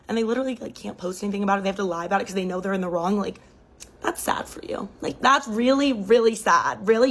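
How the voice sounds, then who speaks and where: A woman's voice: mid-range voice, low-quality recording. A woman telling a gossip storytime in a blunt, scathing, emphatic way.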